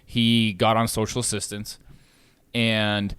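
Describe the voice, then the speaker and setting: Swearing, animated man telling a story. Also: lowish voice, takes it slowly, clear, resonant tone, no room sound. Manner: animated storytelling, swears freely, gets louder when riled. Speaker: podcast host, landlord. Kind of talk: casual podcast chat.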